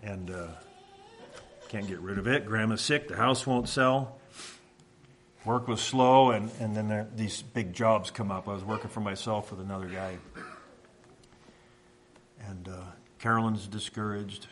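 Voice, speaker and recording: A middle-aged man from Washington telling a personal faith testimony in a halting, reflective way, often pausing and restarting. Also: fairly low pitch, steady tone, a bit bright, slight background noise. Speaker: speaker sharing a testimony.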